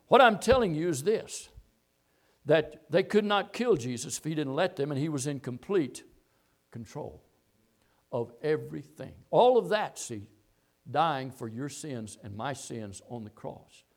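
A male preacher delivers a sermon with a high, animated voice. He sinks into hushed, low asides, then climbs to loud, fervent declarations. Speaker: pastor.

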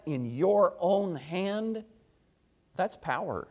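A man preaching a sermon, swinging from quiet low asides to loud, emphatic, rhythmic repetition. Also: animated, moderate pace.

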